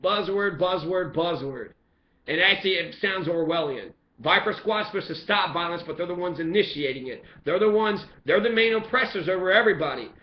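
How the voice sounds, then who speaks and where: A man's voice: high-pitched, a little fast, few pauses. A man in an angry, profane, repetitive rant about the police. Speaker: resident speaking out on police. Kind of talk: impassioned ranting monologue. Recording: echoey, dull lo-fi sound.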